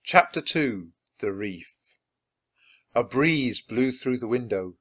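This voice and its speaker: A man's voice: mid-range voice, slow. A man reading a children's book aloud, narrating expressively. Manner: expressive, lively. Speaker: storybook reader.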